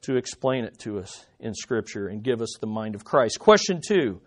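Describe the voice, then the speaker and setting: A man's voice: fairly low pitch, big pitch swings, normal speed. A male preacher delivering a sermon, emphatic and driving home his points with repeated rhetorical questions.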